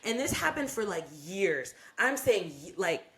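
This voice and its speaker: A young woman co-hosting a podcast, telling a personal story in casual, profane chat and getting animated as she re-enacts arguments. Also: medium pitch, a little slow, crowd noise. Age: young adult. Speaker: podcast co-host.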